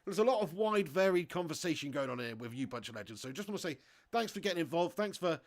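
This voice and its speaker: Excitable high-voiced streamer. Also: male voice, fast, no echo. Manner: excitable, swearing, chatty banter. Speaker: gaming livestreamer. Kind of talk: live game commentary and chat.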